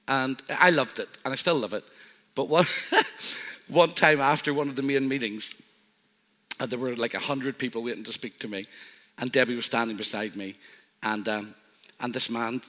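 An older man preaching as pastor, telling humorous personal stories. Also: medium pitch. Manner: warm storytelling with self-deprecating humor. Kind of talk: sermon. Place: church hall. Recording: live church hall reverb.

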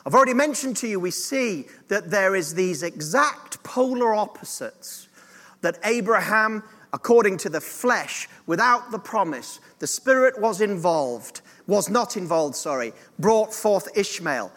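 A man's voice: high voice, expressive, measured pace, a bit bright, big-room sound. A man preaching a sermon as pastor, earnest and direct, drawing the congregation into call-and-response.

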